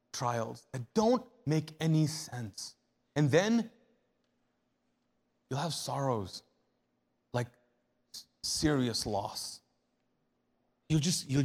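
A man's voice: medium pitch, big-room sound. A male pastor preaching a sermon in a conversational way, asking the congregation rhetorical questions and repeating his key phrases.

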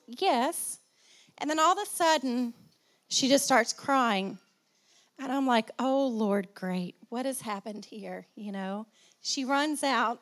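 High-voiced woman pastor preaching. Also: a bit bright. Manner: preaching with call-and-response, repeating phrases for emphasis. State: slight cough. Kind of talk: sermon.

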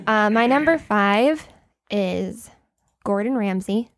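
A woman's voice: mid-range voice, animated, takes it slowly, a crowd in the background. A woman co-hosting a podcast, chatting loosely with lots of likes and you-knows. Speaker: podcast co-host. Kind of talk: casual chat.

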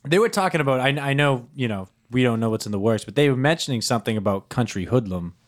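A man with a voice of average pitch chimes in fast during casual chat. He asks questions and passes on what he heard. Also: animated.

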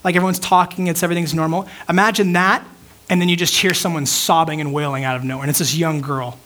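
A young man, a pastor, delivers a sermon as a loose, chatty story. His voice sits a little high for a man, and he talks in an everyday way, packed with "like" and quick restarts. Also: fairly even intonation, fairly bright tone. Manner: casual, filler-heavy storytelling with frequent "like".

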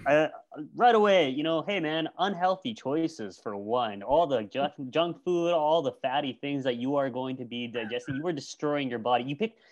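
A man appears as a guest on a casual movie-debate podcast and mock-insults the other side's pick. He stops and restarts often but keeps pressing his point. His voice sits a little high. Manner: teasing, mock-insulting, halting. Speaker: guest director. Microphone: home mic on a video call.

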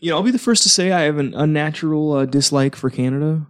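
A man's voice: a little high, quick pace, slight background noise. A man co-hosting a casual podcast, joking and laughing, often stumbling over restarts. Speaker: podcast co-host. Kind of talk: casual chat.

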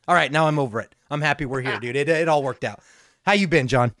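A man co-hosting a podcast, talking in a casual, excitable way and swearing freely. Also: on the high side, fast, no echo, studio quality. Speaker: podcast co-host. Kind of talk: casual chat.

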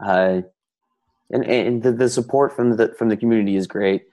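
A man's voice: fairly low pitch, a little mellow. A man co-hosting a sports podcast in casual chat, rambling along and restarting his sentences. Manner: rambling, quick talk with many restarts. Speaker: podcast co-host.

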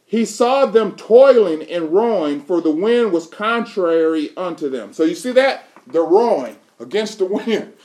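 High-voiced man preaching a lively sermon. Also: a little slow, hardly any pauses. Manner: emphatic, quizzing the congregation with fill-in questions; reads scripture aloud in King James wording.

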